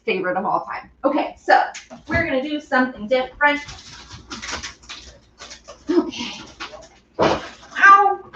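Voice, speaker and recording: A woman's voice: sits high, big pitch swings, slow, pauses often, bright, forceful tone, dull audio, slight background noise. A woman hosting a casual baking stream, chatting bubbly with viewers and a small child. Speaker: baking show host. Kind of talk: casual baking livestream chat.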